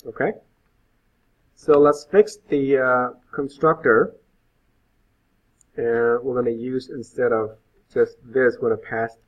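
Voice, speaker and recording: A man's voice: medium pitch, slow, long pauses. A male web instructor giving an informal live coding lecture, thinking aloud with frequent fillers. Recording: phone-like lo-fi sound.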